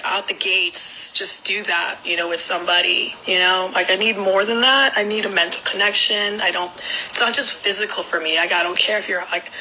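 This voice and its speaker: A woman's voice: mid-range voice, pushed and bright, a little hiss or hum, poor audio. A young woman telling a personal story in a rambling, casual way, filling nearly every phrase with "like.". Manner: rambling, packed with filler "like".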